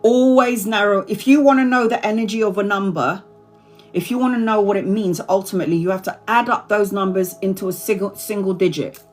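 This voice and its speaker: A Brazilian tarot reader in her forties chats casually with subscribers on a livestream, rambling, repeating herself and laughing often. Her mid-range voice moves fairly quickly, with faint music in the background.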